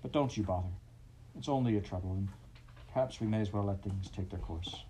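A man's voice: on the low side, brisk, mellow, a little hiss or hum, close to an everyday voice. A man voicing a sulking male toad who murmurs weakly and languidly, full of self-pity. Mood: feeble self-pity.

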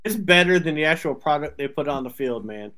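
Male podcast co-host, higher voice, animated and profane, laughs a lot. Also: a little fast, a loud crowd. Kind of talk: casual sports chat.

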